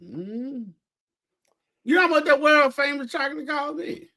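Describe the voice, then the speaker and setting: A man's voice: extremely high pitch, expressive, measured pace, vocal fry, sharp tone. A man cohosting a casual sports chat, teasing his partner and telling stories. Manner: storytelling, teasing, laughing.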